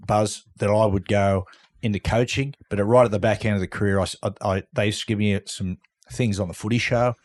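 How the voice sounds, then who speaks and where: A man's voice: lowish voice, steady tone, brisk. A middle-aged Australian man, a guest on a podcast, telling stories casually and acting out the other people in them. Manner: yarn-spinning, acts out quoted lines, laughs loudly. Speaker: podcast guest, former footballer. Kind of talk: casual storytelling.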